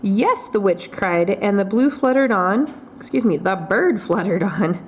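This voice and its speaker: A woman reading a rhyming picture book aloud for a library storytime. Her pace is slow and deliberate, following the rhythm of the verse. A faint room ambience sits behind her voice. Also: medium pitch, lively intonation, slight background noise.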